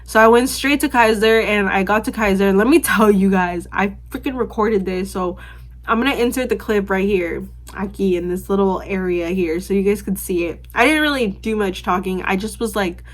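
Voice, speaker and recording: A young woman vlogger tells a story straight to camera in a loose, rambling way. She fills it with "like" and restarts, and swears offhandedly. Her voice sits at an ordinary middle pitch. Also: normal speed. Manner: rambling, filler-heavy, lots of "like" and restarts; candid, swears casually.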